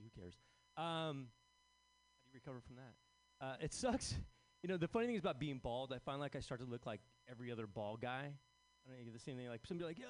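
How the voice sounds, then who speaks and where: A man in his forties doing a deadpan, self-deprecating stand-up set on a club stage. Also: mid-range voice, moderate pace, long pauses. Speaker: stand-up comedian.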